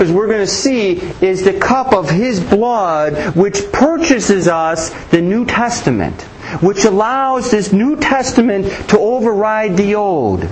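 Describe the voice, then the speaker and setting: A man's voice: high-pitched, slight background noise, poor audio. A man preaching a Bible teaching sermon, asking rhetorical questions and often restarting his sentences.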